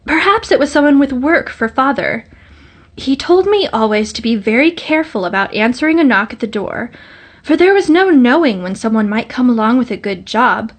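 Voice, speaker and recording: A woman voicing an eager, breathless eleven-year-old peasant girl in a storybook reading. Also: animated. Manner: breathless, pleading, high and quick.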